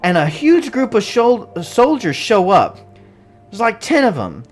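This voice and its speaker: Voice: mid-range voice, wildly swooping pitch, a little slow, soft background music. A movie reviewer giving a casual, rambling recap full of jokes and frequent laughter. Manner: rambling and joking, laughs often. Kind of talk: casual spoiler-filled recap.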